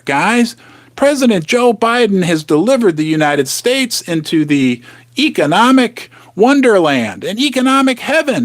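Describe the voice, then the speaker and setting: A man's voice: sits high, no room sound. A man hosting a casual live stream, chatty and teasing, sometimes dropping to a whisper for effect. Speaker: host of a precious-metals live stream. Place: home basement studio.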